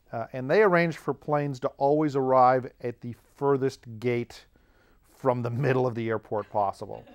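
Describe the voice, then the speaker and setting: A man's voice: mid-range voice, clean tone. An American man telling a rambling comic story as a podcast host, chuckling often as he goes. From United States. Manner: rambling, chuckles often through his anecdotes.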